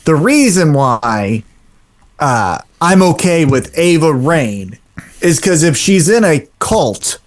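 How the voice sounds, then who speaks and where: A man's voice: fairly high pitch, sing-song, slow. A man co-hosting a podcast, giving his opinions in casual chat with fillers and hesitations. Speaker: podcast co-host.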